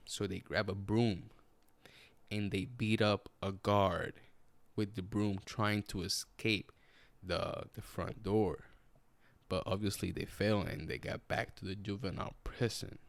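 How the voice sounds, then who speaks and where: A young podcast host from Puerto Rico tells stories in a casual, profane, rambling way, frequently restarting. His voice is fairly low-pitched and creaky, on a dry recording.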